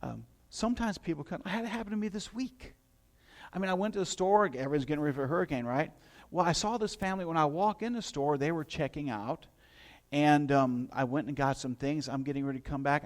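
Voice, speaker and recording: A middle-aged male pastor preaching a sermon in a conversational storytelling way, with asides to his listeners. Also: on the high side.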